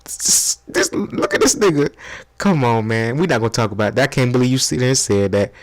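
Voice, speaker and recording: A man's voice: medium pitch, expressive, fairly quick, close to an everyday voice. A man putting on a brash, slangy sports TV pundit who hypes up his favorite player, in a comedy spoof of a sports debate show.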